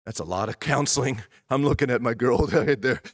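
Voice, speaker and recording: A middle-aged man preaches in a church with a mid-range voice, leaning hard on repeated phrases. He often sinks into a hushed, intimate tone to draw listeners in. The sound is dry and close, with no room echo. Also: mid-range voice, brisk, husky. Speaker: pastor. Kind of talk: sermon.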